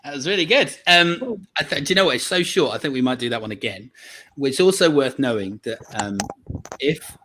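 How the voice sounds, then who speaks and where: A man's voice: medium pitch, animated, fairly quick, sharp tone, a little hiss or hum. A man hosting a casual online quiz, chatty and laughing often. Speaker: quiz host.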